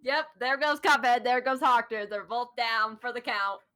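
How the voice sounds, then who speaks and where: A woman's voice: fairly high pitch, normal speed, sharp tone. A woman hosting a casual chat, talking about a creator she admires with eager, giggly enthusiasm. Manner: enthusiastic, giggly fan talk. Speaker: host.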